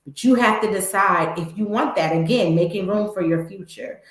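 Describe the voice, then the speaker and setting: A woman's voice: medium pitch, normal speed. Candid woman with an echoey sound. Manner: candid, emphatic, talks straight to viewers. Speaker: host. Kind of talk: motivational vlog talk.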